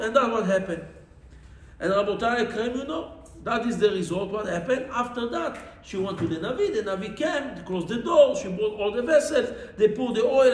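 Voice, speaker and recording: A man's voice: echoey room, rough recording. A man, a rabbi, telling a Torah story in non-native English mixed with Hebrew terms and crying out the characters' pleas. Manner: animated, cries out the widow's pleas in a high voice.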